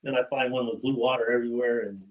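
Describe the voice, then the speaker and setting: A man's voice: medium pitch, fairly even intonation, fast, narrow, tinny audio. A man speaking as a guest in a casual podcast chat, easygoing and plainspoken with light humor.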